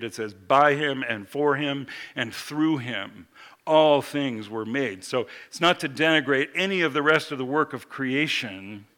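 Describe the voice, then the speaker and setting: Male preacher, bright and ringing tone, measured sermon delivery that slows on scripture. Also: medium pitch. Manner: measured, slows for scripture quotes, builds emphasis.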